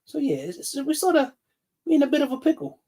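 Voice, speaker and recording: A man's voice: very high-pitched, big pitch swings, fast, dark tone. A man, ranting bluntly and profanely on a casual livestream. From New York City. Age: 50s. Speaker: livestream host.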